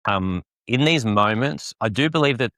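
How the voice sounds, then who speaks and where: A man's voice: medium pitch, expressive, normal speed, pushed and bright, dry recording, clean studio sound. A young man, a podcast guest telling a personal story in a rambling way with many fillers. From Australia. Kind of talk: personal testimony in casual conversation.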